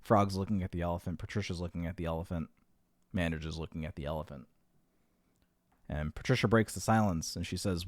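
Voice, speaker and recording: Deep-voiced male joke teller, rambling and self-amused, dry close recording. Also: fairly quick, no echo. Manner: self-amused, laughs at his own jokes. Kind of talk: rambling comedic storytelling.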